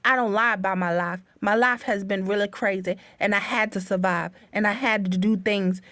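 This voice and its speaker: A woman telling a story from her own life to her viewers, animated and profane, often calling them honey bunnies, speaking into a phone. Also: medium pitch, moderate pace, no room sound. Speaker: livestream host.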